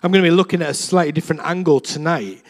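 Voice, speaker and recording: A man's voice: on the high side, very fast. A young man preaching a casual sermon, chatty and self-deprecating, acting out voices as he tells stories. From England. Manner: chatty, self-deprecating, acts out quoted voices with big swings.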